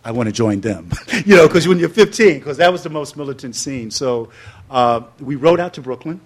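A man, telling a personal story in an interview and acting out quotes in loud, high bursts. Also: expressive, brisk. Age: 60s. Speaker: interview guest.

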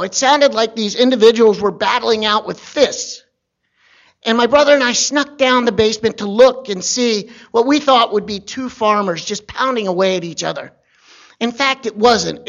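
Male storyteller with a gravelly voice, dry wit and deadpan asides, on a muffled recording. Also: very high voice. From Virginia. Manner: wry, conversational, deadpan asides. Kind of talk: personal storytelling.

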